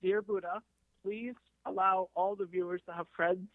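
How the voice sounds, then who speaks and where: A man's voice: high voice, level tone, moderate pace, dry recording. A man voicing a pushy young male caller who talks street slang over a phone line. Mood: earnest. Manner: slangy, insistent.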